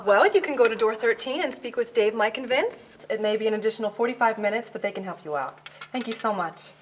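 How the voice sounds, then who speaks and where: A brisk, sarcastic clerk voiced by a woman rattles off her lines fast at a middle pitch. Clear background noise runs under the voice. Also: natural voice. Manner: curt, sarcastic.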